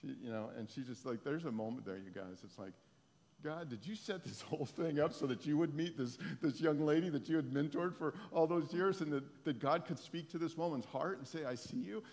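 A man telling a lively testimony story to a congregation, laughing often. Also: a little high, fairly quick, big-room sound.

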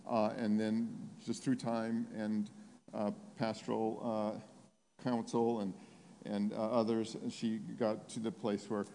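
A man preaching a sermon, telling a story with lots of restarts, growing animated and excited as he retells it. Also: fairly low pitch, slow pace, a little hiss or hum. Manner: animated, rising to excited near-shouting while retelling. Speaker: pastor. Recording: long hall reverb.

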